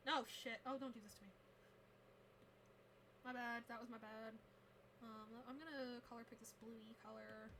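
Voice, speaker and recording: Excitable high-voiced young woman streamer. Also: moderate pace, slight background noise. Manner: excitable, gushing, laughs often, swears casually. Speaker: VTuber streamer and rigging artist. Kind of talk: casual live-stream chat. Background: faint music.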